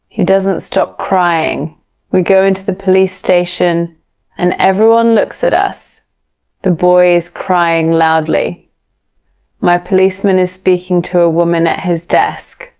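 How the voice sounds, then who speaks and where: A woman reads a graded English story aloud, slowly and deliberately, for learners. Her voice sits on the lower side with a gravelly, creaky edge. The delivery stays careful and even. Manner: clear, careful, evenly paced reading. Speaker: narrator. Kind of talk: slow scripted storybook narration for English learners.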